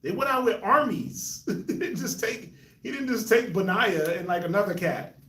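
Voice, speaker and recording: Man, high voice, laughing often, slangy casual Bible talk, echoey room, a bit off-mic. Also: normal speed, sharp tone, far from the mic. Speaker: host of a Bible discussion show.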